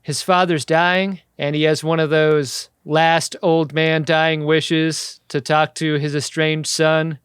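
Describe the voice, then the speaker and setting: Male podcast co-host, slightly high and clear, dry close mic, crude jokey banter. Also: little pitch movement, slow, hardly any pauses, fairly bright tone, no echo. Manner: crude, joking, acts out quotes. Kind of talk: casual comedic chat.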